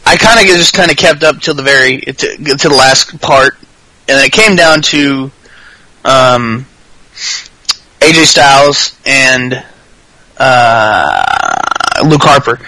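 A man's voice: fairly high pitch, bright, forceful tone, no echo, rough recording. A man hosting a podcast, chatting casually in a rambling, profane, jokey way. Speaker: podcast host. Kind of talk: casual chat.

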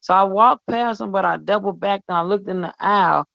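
A woman's voice: fairly low pitch, a little fast, creaky, few pauses, fairly bright tone, no room sound. A woman co-hosting a radio show, talking in a fervent, preachy way and repeating herself for emphasis. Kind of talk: casual on-air chat. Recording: dull lo-fi audio.

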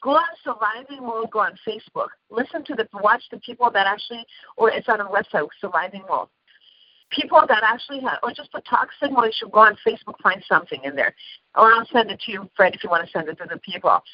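A woman from Iran, a guest on a talk radio call-in show, speaks with a mid-range voice, lively intonation, and a quick pace. She talks emphatically and ramblingly, often interrupting, and the audio has a dull, dry, lo-fi radio sound with no echo.

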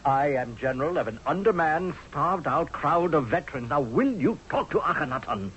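A blunt, sardonic army general. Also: male voice, fairly high pitch, lively intonation, normal speed, a little hiss or hum. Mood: pleading. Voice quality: sardonic, forceful, pleading. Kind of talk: 1970s radio drama acting. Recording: dull lo-fi old radio broadcast.

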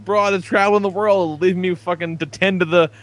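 Rambling, profane man on a podcast. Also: sits high. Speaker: podcast co-host. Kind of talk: casual podcast chat.

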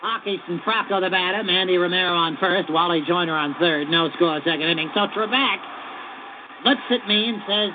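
A man telling a deadpan story while weaving in baseball play-by-play calls. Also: sits high, moderate pace. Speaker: sports broadcaster. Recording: radio broadcast, lo-fi with background noise.

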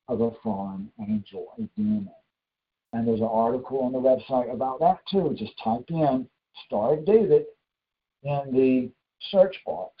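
A man preaching and giving church announcements in a slow, emphatic way, repeating his instructions. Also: mid-range voice. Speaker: pastor. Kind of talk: sermon with announcements. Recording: dull lo-fi recording.

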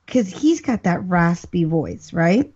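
A woman's voice: fairly low pitch, very animated, takes it slowly, a little mellow, breathy edge. A woman co-hosting a podcast in casual, teasing banter who laughs easily. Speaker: podcast co-host. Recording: dull lo-fi podcast audio.

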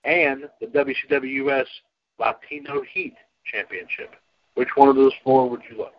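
A man's voice: mid-range voice, steady tone, moderate pace, dull audio. A man hosting a casual internet radio show about wrestling, rambling and restarting his sentences and laughing easily. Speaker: podcast host.

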